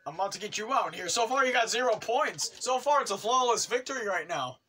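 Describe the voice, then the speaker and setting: A young man hosting a gaming video, commentating excitedly and teasing his opponent with frequent yelps and laughs. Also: high-pitched, fast, slightly rough, soft background music. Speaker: gaming channel host.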